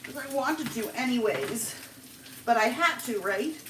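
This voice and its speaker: Woman, vlogger, high voice, emotional, rambling, sitting back from the mic, sizzling frying in the background. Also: animated, unhurried, noisy background. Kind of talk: live-stream personal story. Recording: echoey, from far off the mic.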